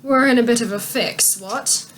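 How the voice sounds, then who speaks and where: A woman's voice: fairly high pitch, moderate pace, fairly bright tone, a little hiss or hum, natural voice. A woman voicing a shy, bumbling knight and father who has been turned into a pink pig. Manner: apologetic, bumbling.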